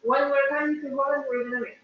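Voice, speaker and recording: A woman's voice: little pitch movement, quick pace. A young woman, chatting playfully and telling a story with a laugh in her voice. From Greece. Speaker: vlogger's girlfriend. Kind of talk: casual chat. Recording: distant, very roomy, dull low-fi sound.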